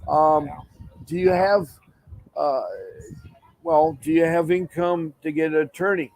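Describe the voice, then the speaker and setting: A man hosting a call-in show, asking questions and giving calm advice. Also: fairly high pitch, unhurried, dry recording, rough recording. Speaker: host.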